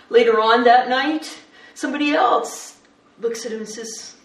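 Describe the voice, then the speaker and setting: A woman preaching a sermon, retelling a story, shifting between hushed and lively. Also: fairly high pitch, normal speed. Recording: roomy echo, distant mic.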